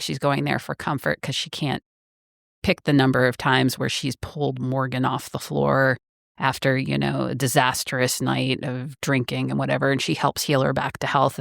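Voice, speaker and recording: A woman's voice: very deep voice, gravelly, no echo, clean studio sound. A woman co-hosting a casual book-club podcast, giving blunt, wry takes on the story. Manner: wry, blunt remarks and frank opinions. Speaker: podcast co-host.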